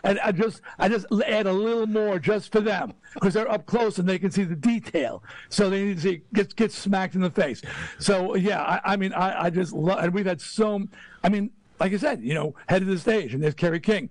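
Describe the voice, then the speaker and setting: A man's voice: sits high, normal speed, a little mellow, no room sound. A man who plays in a rock band, talking in a boastful, fired-up, emphatic way in a casual podcast conversation.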